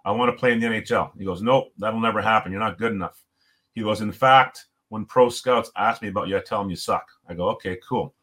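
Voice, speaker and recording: A man's voice: fairly low pitch, fast talker, a bit bright. Man telling a rambling hockey story. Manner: rambling, repeats words and restarts often. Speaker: former college hockey player telling his story. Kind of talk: casual storytelling.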